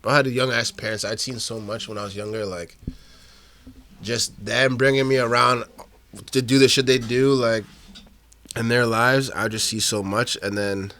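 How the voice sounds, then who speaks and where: A young man, telling profane stories in an animated, slangy way in casual podcast chat. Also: mid-range voice, normal speed. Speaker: podcast guest or host.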